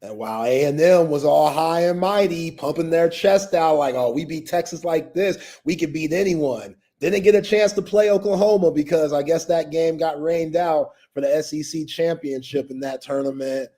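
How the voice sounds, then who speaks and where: A man's voice: a little high, darkish tone. Laughing slangy male sports co-host. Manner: loose, slangy, laughs often. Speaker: sports talk show co-host. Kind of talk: casual sports chat.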